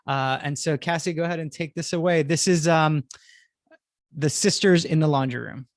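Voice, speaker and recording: A man casually introducing clips from an audio play, relaxed and halting. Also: fairly high pitch, no room sound, clean studio sound. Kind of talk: casual talk.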